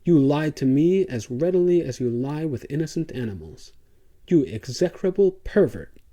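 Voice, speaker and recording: A man voicing a furious, loud male horse dealer in an audiobook. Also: mid-range voice, lively intonation, measured pace. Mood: raging. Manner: raging, loud.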